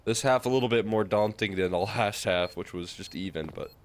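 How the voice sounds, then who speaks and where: Deep-voiced male esports co-caster. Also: a little fast, a little hiss or hum. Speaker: esports commentator. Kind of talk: live color commentary.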